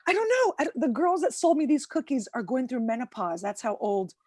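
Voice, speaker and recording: Brisk and high-voiced, a woman in her forties performs stand-up over a video call from home, animatedly mocking herself, impersonating voices and yelling her punchlines.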